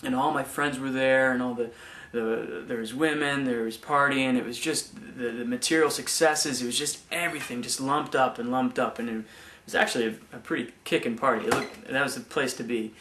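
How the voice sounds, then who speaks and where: Halting young man giving a testimony. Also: mid-range voice, fairly bright tone, echoey room. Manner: halting, many restarts and repeated words. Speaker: former missionary giving testimony. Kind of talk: personal faith testimony.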